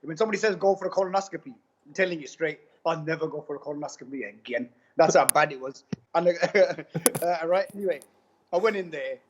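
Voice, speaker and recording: Man telling his story, slangy and animated. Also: a little high, a little fast. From United Kingdom. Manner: animated, repeats himself, slangy with "bro" and "man". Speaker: interviewee giving a testimonial. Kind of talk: casual storytelling. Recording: dull lo-fi sound.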